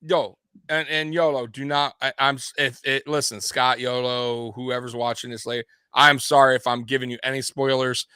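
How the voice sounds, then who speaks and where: A man's voice: medium pitch, little pitch movement, moderate pace, pushed and bright, clear, resonant tone, dry recording, studio quality. A man co-hosting a sports podcast, ranting in casual chat with lots of profanity and laughter.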